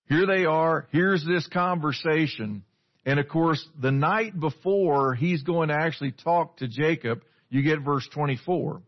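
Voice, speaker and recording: A man, preaching a conversational sermon, putting scripture into everyday words and asking his listeners questions. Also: fairly high pitch. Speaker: pastor. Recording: dull lo-fi sound.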